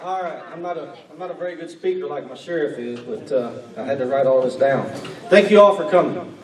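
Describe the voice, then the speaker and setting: Emotional police chief, halting and far off. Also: male voice, on the high side, animated, over a noisy crowd. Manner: halting, emotional, clears throat. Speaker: police chief presenting an award. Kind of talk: reading a prepared award speech. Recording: echoey hall from far off with faint room noise.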